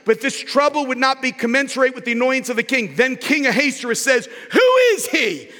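High-voiced animated preacher in an echoing hall. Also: male voice, quick pace. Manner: animated storytelling preacher, acting out scripture with shouts and asides. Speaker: pastor. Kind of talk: sermon. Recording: echoey hall with long reverb.

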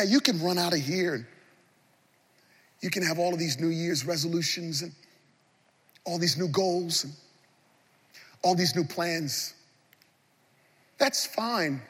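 Husky high-voiced man preaching in a reverberant church. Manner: impassioned preaching that swings between loud and hushed. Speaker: pastor. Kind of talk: sermon. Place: large church.

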